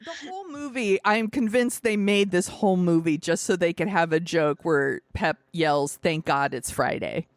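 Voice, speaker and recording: A woman's voice: fairly low pitch, normal speed, few pauses, dry recording, clean studio sound. A woman co-hosting a podcast, chatting casually about a movie, rambling and swearing with lots of fillers and laughs. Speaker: podcast co-host.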